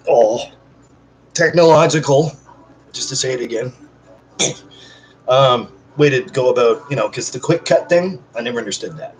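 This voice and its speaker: A man's voice: mid-range voice, moderate pace, slight background noise, low-quality recording. A man hosting his own unedited vlog from home, chatting casually to viewers with rambling, joking, self-deprecating asides. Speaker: channel host. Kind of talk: casual unedited one-take vlog chat.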